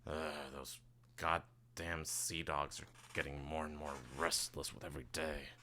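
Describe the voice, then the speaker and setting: A man voicing a weary, gruff sea captain in a tabletop game, grumbling and swearing. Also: low-pitched, moderate pace, bright, forceful tone, slight background noise. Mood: worried. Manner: grumbling, profane, worried.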